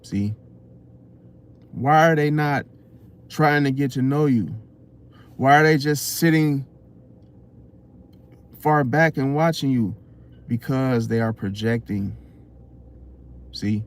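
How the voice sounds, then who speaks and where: A man's voice: medium pitch, slow, pauses often. A man hosting an astrology channel, giving an unscripted motivational talk full of rhetorical questions and repeated "see?". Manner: preachy, rhetorical questions, keeps saying "see?".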